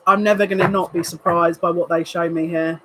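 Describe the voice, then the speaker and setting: Excitable woman giving a live card reading. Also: on the low side, brisk, noisy background. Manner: excitable, emotional, breathless asides. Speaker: psychic tarot reader.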